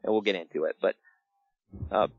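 A man hosting a casual podcast, telling stories in an animated way and laughing along. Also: deep voice, gravelly, slightly rough, dry recording, phone-quality sound. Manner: animated storytelling with laughs and quick impressions. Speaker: podcast host. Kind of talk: casual wrestling podcast chat.

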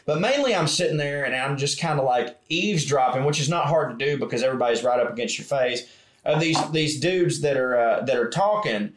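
A man's voice: mid-range voice, a little fast, echoey room, background noise. An American man co-hosting a podcast, telling a rambling, profane story and acting out the people he met. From United States. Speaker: podcast co-host. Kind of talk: casual storytelling chat. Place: small room in an old pub.

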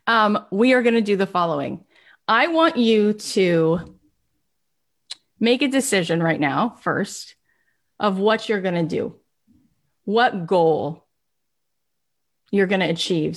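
Hosting a live online session, a woman delivers an energetic motivational talk straight to her viewers. Her voice is medium-pitched, and she speaks slowly with long pauses.

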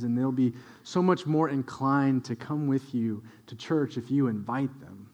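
A young adult man, a pastor, preaching a sermon with animated storytelling and quiet, earnest stretches. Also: mid-range voice, moderate pace, hardly any pauses, dull audio.

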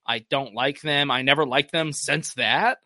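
A man's voice: mid-range voice, unhurried, bright, forceful tone, dry recording, clean studio sound. A man co-hosting a podcast in casual chat, laid back, reading out listener questions and steering the talk. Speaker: podcast co-host.

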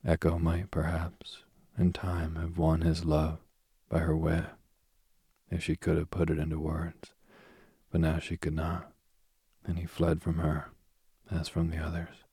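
A man reading an old myth aloud, soft and husky, often dropping to a whisper. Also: extremely low pitch, monotone, unhurried, dry recording, clean studio sound. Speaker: storyteller.

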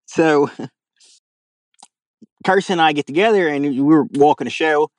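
Slow and unhurried, a young man's fairly high voice carries a Louisiana drawl as he tells a story as an interview guest. He's an animal caller who imitates the people in the tale and laughs throughout. The sound is close and dry, with no echo or room sound.

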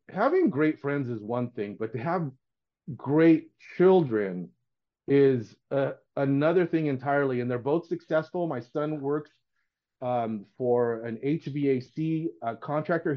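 Earnest middle-aged man, rambling, muffled. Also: medium pitch. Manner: earnest, rambling with frequent restarts. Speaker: painting contractor guest. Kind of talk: casual podcast chat.

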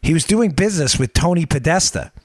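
A male host delivering political commentary with a lively, swinging delivery and a voice pitched somewhat high. He presses his points emphatically and keeps turning to his listeners with pointed questions. The sound is dry and close, with no room around it. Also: a little fast, dry recording. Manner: emphatic, fires rhetorical questions, addresses listeners as folks. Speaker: podcast host.

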